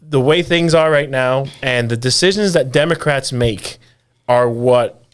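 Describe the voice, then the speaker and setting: A man's voice: medium pitch, measured pace, clear, resonant tone. A man co-hosting a casual political podcast, talking animatedly with frequent stammered restarts. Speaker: podcast co-host.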